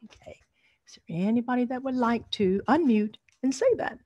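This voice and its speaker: A woman's voice: on the high side, fairly quick, dark tone, dull audio. A middle-aged woman, leading an online storytelling workshop over a video call, encouraging and laughing often.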